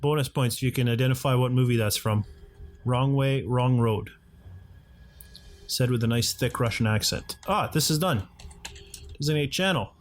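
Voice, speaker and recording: A man's voice: medium pitch, fairly quick, soft background music. A man giving casual, chatty commentary while playing a game at home, often talking to himself and his game characters. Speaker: let's play host. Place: home condo.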